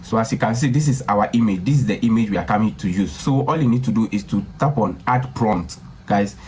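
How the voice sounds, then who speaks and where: A man hosting a software tutorial, talking casually and repetitively and often calling viewers guys. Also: lowish voice, fairly quick. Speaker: tutorial host. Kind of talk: screen-recorded software tutorial.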